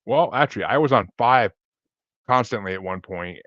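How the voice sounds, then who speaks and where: A man's voice: fairly low pitch, lively intonation, normal speed, fairly bright tone, no room sound, lo-fi sound. A man talking as a podcast guest in a laid-back, chatty, rambling way over a video call. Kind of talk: casual interview chat.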